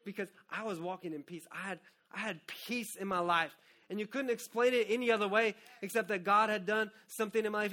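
A man in his thirties, a pastor preaching an earnest, personal sermon that swings from hushed to loud. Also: high-pitched, steady tone, a little fast.

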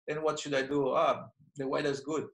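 A man in his thirties, a martial arts instructor, answering interview questions in a reflective, halting way with many restarts. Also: on the high side, little pitch movement, creaky, low-quality recording. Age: 30s.

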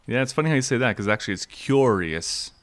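A man's voice: mid-range voice, animated, quick pace, a bit bright. A man from Minnesota in his thirties co-hosting a casual podcast chat, laughing often and swearing freely. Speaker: podcast co-host.

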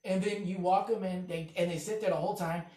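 A man's voice: sits high, steady tone, fast. Man, comedian podcast co-host, rambling, profane, roomy room, distant mic. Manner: rambling, profane, bursts into loud acted quotes. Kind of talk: casual chat.

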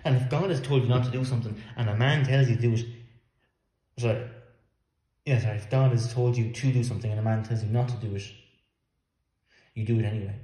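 A man's voice: medium pitch, steady tone, fast talker, long pauses, dark tone. A man preaching a sermon in an earnest, emphatic way, sometimes repeating words as he works through a point. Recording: echoey room.

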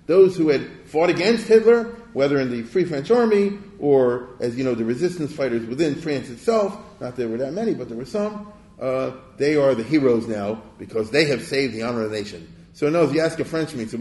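Male lecturer, mid-pitched, chatty and digressive, keeps asking "you see?", echoey lecture hall. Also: animated, fast, a little mellow. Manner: conversational, with rhetorical check-ins; digressive, with restarts. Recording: echoey room.

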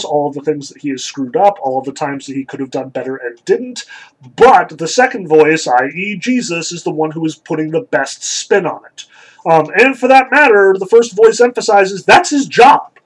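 A man's voice: sits high, breathy edge, low-quality recording. A man giving a lecture, reading and analyzing passages from a story in a thoughtful, explanatory way with frequent ums and likes. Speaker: literature lecturer.

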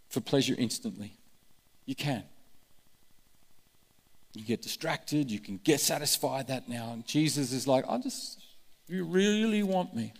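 A man preaching a sermon with passion, acting out the voices he quotes. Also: medium pitch. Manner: impassioned, acts out quoted voices. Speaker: pastor. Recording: long hall reverb.

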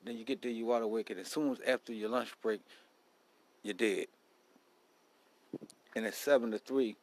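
A man's voice: fairly low pitch, normal speed, darkish tone, low-quality recording. Profane rambling man. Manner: blunt, profane, rambling street talk. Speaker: podcast host. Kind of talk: casual solo podcast monologue.

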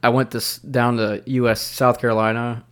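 A man in his thirties co-hosting a podcast, telling a long rambling story in casual chat and quoting people in lively bursts. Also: medium pitch, normal speed, clear, resonant tone. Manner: rambling, animated when quoting others. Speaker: podcast co-host.

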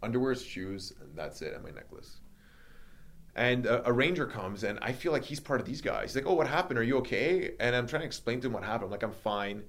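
A man hosting a podcast, telling a personal story in casual chat, animated and acting out the dialogue with many fillers. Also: mid-range voice, fast talker.

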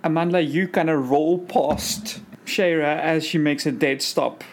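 Low-voiced woman game master. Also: unhurried, slight background noise. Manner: steady descriptive narration. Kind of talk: narrating a tabletop game.

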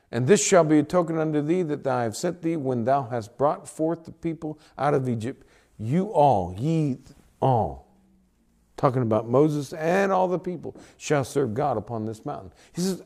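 Male pastor, sermon, emphatic, higher-pitched, very lively intonation. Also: normal speed, vocal fry. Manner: animated preaching, dramatic voiced quotes.

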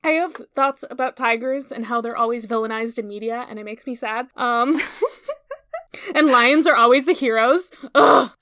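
High-voiced sweary woman chatting. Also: bright, forceful tone, dry recording, clean studio sound. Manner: sweary, rambling, quick to laugh. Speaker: podcast co-host. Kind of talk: casual book discussion chat.

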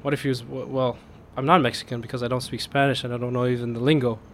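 A man spins a personal story in a relaxed chat, his voice in an ordinary middle range. As the punchline lands, he laughs through his words and his voice climbs high with excitement. A faint hiss of noise sits under the recording. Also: fast talker. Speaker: storyteller in a casual podcast chat. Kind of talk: casual chat, animated storytelling.

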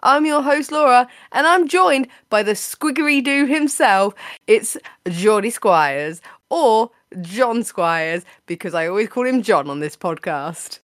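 A woman's voice: on the high side, animated, unhurried, dry recording, clean studio sound. A woman hosting a podcast, chatting casually with her co-host in a playful, teasing way, laughing often.

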